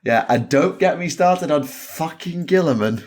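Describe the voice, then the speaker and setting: A man's voice: on the high side, animated, measured pace, darkish tone. A man hosting a podcast, ranting emphatically and swearing, often breaking into laughter. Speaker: podcast host. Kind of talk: casual podcast chat.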